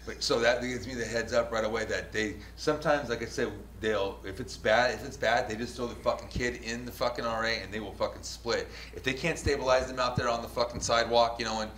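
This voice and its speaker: A man, hosting a casual talk show and telling a rough street story full of swearing. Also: medium pitch, fairly even intonation, a little fast, few pauses, fairly bright tone. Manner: profane, storytelling, laughs often. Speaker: show host and news videographer. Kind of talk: casual podcast chat. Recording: echoey room with faint noise.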